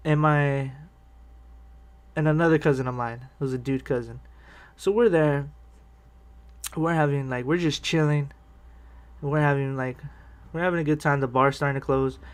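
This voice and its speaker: A man's voice: a little high, steady tone, moderate pace. A man telling a rambling personal story on a vlog, swearing freely, restarting sentences and laughing often. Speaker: vlogger telling personal stories. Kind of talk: casual storytelling.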